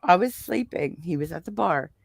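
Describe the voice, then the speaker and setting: A woman's voice: on the low side, lively intonation, moderate pace, creaky, no echo, studio quality. A woman in her fifties talking in an emphatic, profane way in a casual chat, often laughing. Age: 50s.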